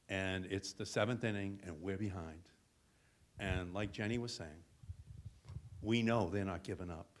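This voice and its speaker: A man on a panel retelling a big game as dramatic play-by-play. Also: on the low side. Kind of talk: vivid storytelling on a panel. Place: hotel event room.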